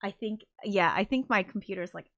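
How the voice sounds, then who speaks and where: A woman's voice: mid-range voice, brisk, fairly bright tone, dull audio, slight background noise. A woman hosting a casual livestream, flustered and apologetic as she talks, swearing under her breath. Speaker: livestream host.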